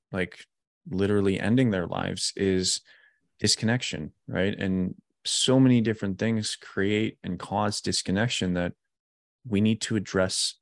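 A man's voice: deep voice, creaky, no room sound, clean studio sound. A man hosting a podcast, talking in a thoughtful, reflective way. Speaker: podcast host. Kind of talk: casual interview chat.

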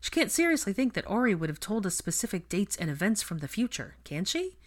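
A woman voicing a sharp, protective young woman. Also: mid-range voice, sing-song, a little fast, voice pushed up. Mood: firm. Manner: snappy, reassuring.

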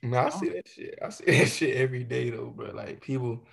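Husky dude chatting w his friend, mid pitch, chill and curious. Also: huge pitch swings, a little fast. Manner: laughing, curious listener. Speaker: friend in conversation. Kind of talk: casual chat.

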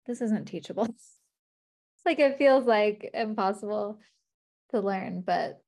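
A woman's voice: medium pitch, measured pace, creaky, a little mellow. A woman interviewing a guest in a casual chat, curious and talkative, using lots of "like". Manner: curious, chatty, uses "like" a lot.

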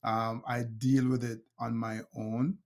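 This middle-aged guest, whose accent is Jamaican, tells anecdotes conversationally with frequent laughter, fillers, and restarts. His mid-range voice has little pitch movement and a slow pace.

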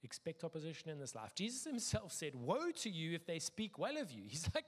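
A middle-aged man preaching a sermon as pastor, lively, acting out quoted voices with sudden jumps in pitch. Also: brisk, few pauses. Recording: long hall reverb.

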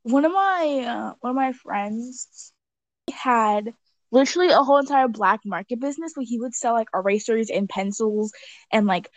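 A woman guest on a podcast chatting casually, animated and laughing often as she acts out quotes. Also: a little high, normal speed, dry recording. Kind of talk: casual chat.

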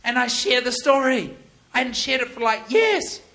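A male preacher with a very high, bright voice, preaching a sermon. He tells a story conversationally and leans hard on the key points. His delivery is emphatic and animated throughout. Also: normal speed. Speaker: pastor.

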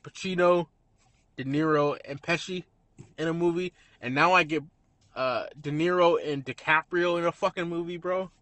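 A man's voice: a little high, moderate pace, no echo. Young male host, casual film chat, cusses and laughs a lot, dry close sound. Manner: laughs often, swears, animated retelling. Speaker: podcast host.

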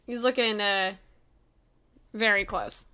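A woman running the enemies as game master in a tabletop game, upbeat and quick to giggle. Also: mid-range voice, steady tone, pushed and bright.

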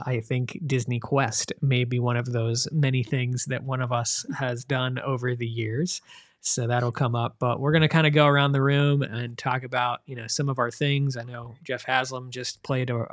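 A man's voice: mid-range voice, fairly bright tone. A man hosting a casual group podcast, rambling and laughing easily as he introduces his co-hosts. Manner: rambling, laughs easily, mock-sings in a put-on accent. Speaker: podcast host.

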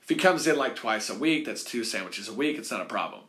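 A man telling a casual, rambling personal anecdote in an animated way, full of "like" and "you know". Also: medium pitch, quick pace.

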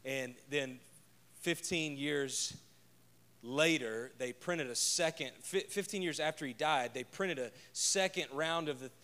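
A man's voice: fairly high pitch, measured pace, pushed and bright. A man preaching a conversational sermon as pastor, joking and telling stories from home. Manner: chatty and joking, tells personal stories.

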